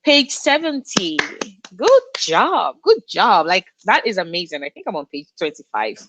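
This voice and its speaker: A young woman from Nigeria hosts a casual livestream about books. She answers her chat with lots of warmth and gushing replies. Her voice sits at a middling pitch, and the room sounds dry and close. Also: sing-song, unhurried, dry recording, poor audio. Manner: effusive, reads out chat and gushes, frequent laughs. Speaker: booktube livestream host.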